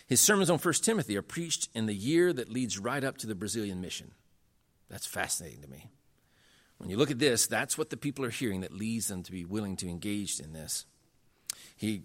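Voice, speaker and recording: Earnest male lecturer, emphatic delivery. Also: a bit bright. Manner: earnest, emphatic, rising in pitch when making points; conversational with frequent fillers. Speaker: lecturer on church history.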